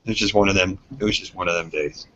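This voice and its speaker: A man with a somewhat husky voice co-hosts a casual podcast. He rambles through a story, swears freely and mimics his friends. The recording sounds dull and lo-fi. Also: low voice, fast, sharp tone. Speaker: podcast co-host. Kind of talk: casual chat.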